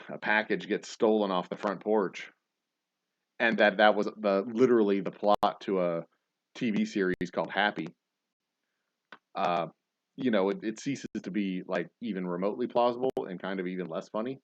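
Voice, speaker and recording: A man's voice: on the low side, moderate pace, dry recording, muffled recording. Rambling, profane man hosting a stream. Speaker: host. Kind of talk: casual livestream chat.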